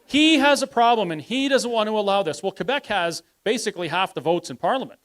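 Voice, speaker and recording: A man with a fairly high voice speaks at a live public panel. He argues his case forcefully, and at times stalls mid-sentence while groping for the right word. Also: lively intonation, a little fast. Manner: forceful, argumentative, trails off hunting for words. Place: live event hall.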